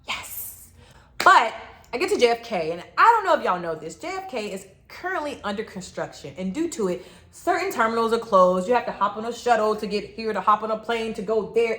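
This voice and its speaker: A young woman telling a dramatic travel story to her viewers in an animated vlog. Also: on the high side. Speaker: travel vlogger.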